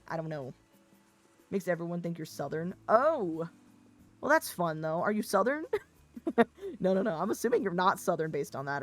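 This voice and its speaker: A woman streamer from the American Midwest chatting casually, rambling and swearing, laughing often, with an expressive, slightly Valley Girl tinge. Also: on the low side. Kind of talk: casual livestream chat.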